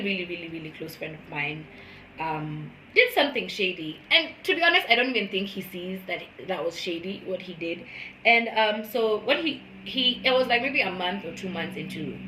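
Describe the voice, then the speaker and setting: Earnest woman in an echoey room. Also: a little hiss or hum. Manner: earnest, emotional, swings from soft and low to loud and high. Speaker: vlogger. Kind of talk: casual spoken testimony.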